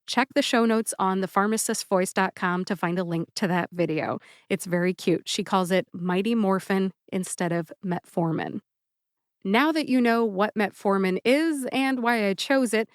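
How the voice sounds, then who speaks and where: A woman hosting a pharmacist's podcast, speaking deliberately and spelling out syllables in a scripted educational style. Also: mid-range voice, clean tone, no room sound, clean studio sound. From United States.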